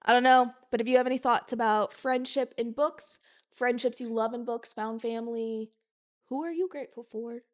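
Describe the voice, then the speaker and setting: A woman's voice: fairly high pitch, fairly even intonation, normal speed. A young adult woman co-hosting a podcast in casual, playful banter. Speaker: podcast co-host. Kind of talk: casual chat.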